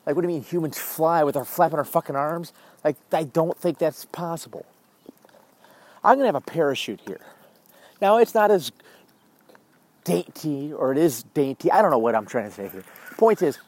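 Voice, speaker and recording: A man's voice: on the high side, darkish tone. Rambling man hosting a podcast. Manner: rambling, profane, self-interrupting. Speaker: podcast host. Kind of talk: rambling casual monologue. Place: outdoors walking a dog.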